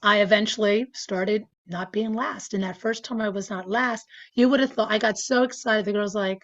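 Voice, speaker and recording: A woman's voice: mid-range voice, fairly even intonation, moderate pace, a bit bright, highs cut off. A woman in her sixties, chatting casually as an interview guest, with lots of fillers and frequent laughter. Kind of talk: casual storytelling.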